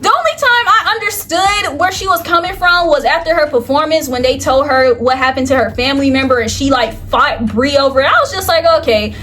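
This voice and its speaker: A woman's voice: sits high, a little fast, hardly any pauses, fairly bright tone, soft background music. A young woman, chatting casually about a reality show with frequent "like, girl" asides. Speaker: reality TV commentator. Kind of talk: casual commentary vlog.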